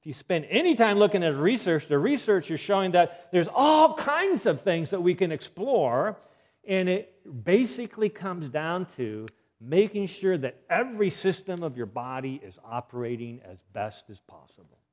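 A man's voice: high-pitched, sing-song, normal speed. A man giving an earnest health lecture, emphatic and given to repeating key points.

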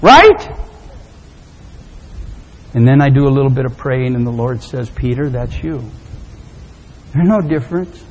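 A man preaching a sermon, telling a story dramatically and swinging from loud to hushed. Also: mid-range voice, fast talker, few pauses, slight background noise. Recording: long hall reverb.

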